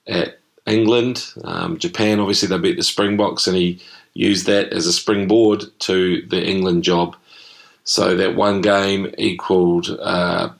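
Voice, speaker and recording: A man's voice: deep voice, vocal fry. A man, hosting a rugby podcast in a chatty, irreverent storytelling way. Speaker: podcast host. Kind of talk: casual rugby podcast monologue.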